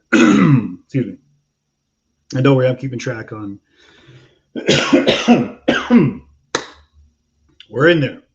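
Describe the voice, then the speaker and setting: A man's voice: mid-range voice, sing-song, drawn-out words, long pauses. A man giving casual, rambling commentary on a livestream, with lots of fillers and laughs. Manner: chatty, laughing, many fillers and restarts. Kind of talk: casual commentary over clips. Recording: dull lo-fi audio.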